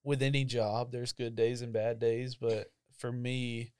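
A man's voice: medium pitch, flat delivery, a little slow, a little mellow, smooth, no room sound, clean studio sound. A young man, casually telling a personal testimony about his call to ministry, full of fillers and emotion. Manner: conversational storytelling with frequent fillers, emotional. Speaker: church ministry staff member.

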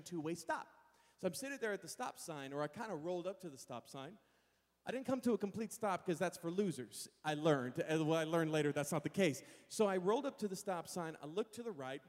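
A man preaching a sermon, telling a personal story in an animated way and calling out to his congregation. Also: sits high. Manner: animated, acts out voices, addresses the congregation. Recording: reverberant hall.

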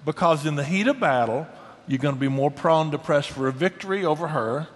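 A man's voice: a little high, brisk. A middle-aged man talking about marriage in an earnest, folksy way, often restarting his words. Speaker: guest speaker on marriage. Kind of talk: casual Christian talk show conversation. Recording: long hall reverb.

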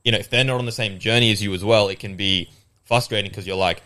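A man's voice: lowish voice, steady tone, quick pace, pushed and bright. A young man chatting casually on a podcast, rambling with lots of fillers and restarts.

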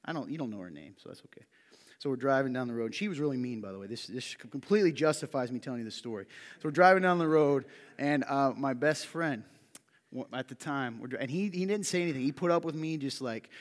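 A man preaching as a pastor, telling personal stories in an animated, joking way that swings from quiet asides to loud, excited delivery. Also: medium pitch, fast. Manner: animated storytelling, shouting when quoting a friend. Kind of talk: sermon. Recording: long hall reverb.

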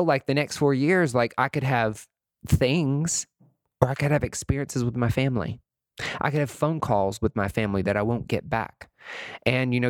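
A man in his late thirties hosting a podcast, talking in an expressive, emotional and chatty way, full of fillers and asides. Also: medium pitch, dry recording, clean studio sound. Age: late 30s. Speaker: podcast host. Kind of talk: reflective solo podcast monologue.

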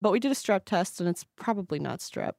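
A woman co-hosting a podcast in casual chat, an animated storyteller who laughs often. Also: fairly quick, gravelly, no echo, studio quality. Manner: animated storyteller, acts out quotes in a high voice. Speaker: podcast co-host.

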